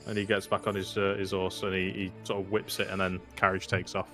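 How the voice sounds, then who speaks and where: A man acting as game master, narrating a tabletop game in a relaxed, hesitant way. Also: deep voice, a little fast, faint music behind. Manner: relaxed, hesitant, many ums and restarts.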